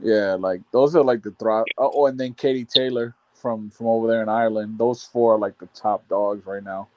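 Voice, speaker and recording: A man guesting on a boxing stream, speaking in slangy, excitable casual chat. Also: lowish voice, moderate pace, no echo, highs cut off. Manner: slangy, excitable, laughs easily.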